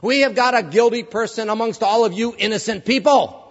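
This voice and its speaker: A stern older male traffic-court judge , put on by a man telling a story from the pulpit booms out his rulings in a commanding, high-pitched voice. The sound is dull and muffled, with a long hall echo trailing every phrase. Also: a little fast. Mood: booming, mock-grave.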